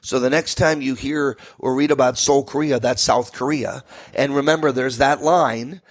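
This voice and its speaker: An American man hosts a talk radio history segment from a studio at a middle pitch. He talks folksy and rambling, turning often to speak straight to his listeners. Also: fairly even intonation, moderate pace. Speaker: radio show host.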